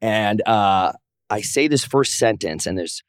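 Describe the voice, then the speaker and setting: Speaking a little slowly in a smooth, lowish voice, a man who wrestles professionally and does comedy recounts stories as an interview guest. He gets animated, raising his voice to perform other people's lines. There's no room sound.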